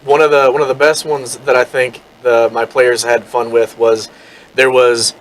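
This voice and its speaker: A man's voice: medium pitch, little pitch movement, moderate pace, rough recording. A man co-hosting a podcast, recounting a tabletop game he ran in a rambling way. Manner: rambling, with many fillers while recounting. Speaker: podcast co-host and game master. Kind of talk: casual chat, storytelling.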